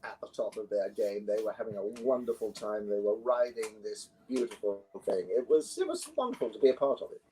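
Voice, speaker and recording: A man's voice: on the low side, lively intonation, a little fast, hardly any pauses, dark tone, breathy edge, rough recording. Older London-accented man telling anecdotes. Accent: English, London. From London, England. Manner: rambling, anecdotal, self-correcting. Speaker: guest, actor and musician. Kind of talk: relaxed conversational interview.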